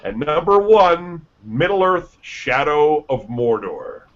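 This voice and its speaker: A man's voice: on the high side, very animated, slow. A man hosting a casual gaming news radio show, reading lists and headlines with offhand asides and stumbles. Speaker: news host. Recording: dull lo-fi sound.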